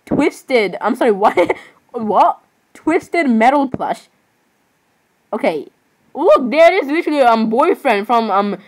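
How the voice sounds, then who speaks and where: A woman's voice: high voice, a little mellow, poor audio. Rambling, giggly young-sounding woman. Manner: rambling, keeps apologizing, giggly, says "literally" often. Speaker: vlogger. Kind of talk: casual screen-browsing commentary.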